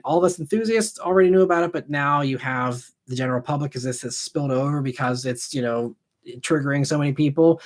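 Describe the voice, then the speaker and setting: A young adult man hosting a live car chat, reading and answering viewer questions in a relaxed, rambling way full of ums and restarts. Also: a little high. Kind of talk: casual live-stream chat.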